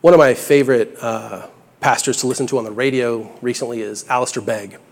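Earnest young preacher in echoing hall. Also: male voice, mid-range voice, fairly even intonation, a little fast. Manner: earnest, conversational, builds to bursts of emphasis. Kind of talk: sermon. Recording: echoey hall with long reverb.

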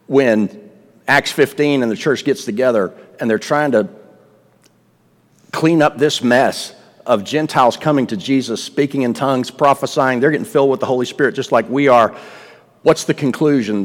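A man's voice: mid-range voice, normal speed. Man preaching a sermon in a reverberant hall. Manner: emphatic, questioning the congregation. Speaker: pastor.

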